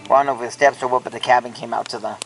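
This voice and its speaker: A man's voice: mid-range voice, steady tone, rapid-fire, a bit bright, soft background music, low-quality recording. A man casually telling a ghost story, rambling with lots of filler words and restarts.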